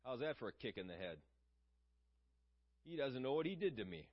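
A man's voice: medium pitch, big pitch swings, moderate pace, lo-fi sound. A man preaching a sermon in an earnest, conversational way, asking his listeners questions.

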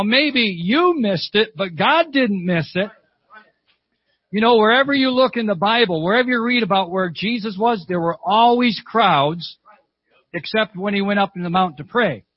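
A man's voice: sits high, no echo, muffled recording. Fervent older man preaching a sermon. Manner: fervent storytelling preacher, repeats phrases, calls "Amen". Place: church service.

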